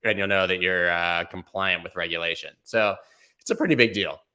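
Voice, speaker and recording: Bright-voiced man hosting casual crypto news. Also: low voice, normal speed, smooth. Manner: animated, joking asides, addresses viewers as guys. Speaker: crypto news show host.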